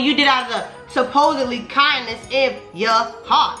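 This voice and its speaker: A young woman vlogger telling a heated storytime, profane and animated, her voice climbing higher when she gets worked up. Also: normal speed, few pauses. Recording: echoey room with faint music.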